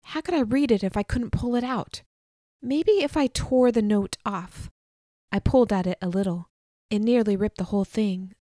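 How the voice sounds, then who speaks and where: A woman narrates a first-person audiobook in a steady, measured voice at a middle pitch. Her asides drop soft and low. The sound is close and dry, with no room around it. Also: no room sound.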